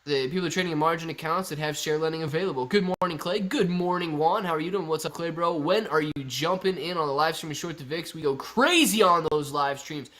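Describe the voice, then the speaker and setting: A man's voice: fairly high pitch, fast talker, few pauses, a bit bright. A man hosting a casual live stream, chatting and joking as he reads viewer comments aloud.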